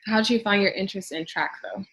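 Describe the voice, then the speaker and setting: A woman's voice: mid-range voice, fairly quick, fairly bright tone, husky. A woman co-hosting a podcast, chatting upbeat and then introducing a guest. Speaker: podcast co-host. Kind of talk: casual podcast chat.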